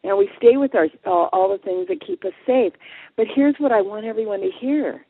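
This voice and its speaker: A woman guest in a radio interview, telling a story in a lively way and acting out what people said. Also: high voice, a little fast, gravelly, husky, dry recording. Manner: animated storyteller, acts out quotes. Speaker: guest, passion coach. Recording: dry tinny phone line.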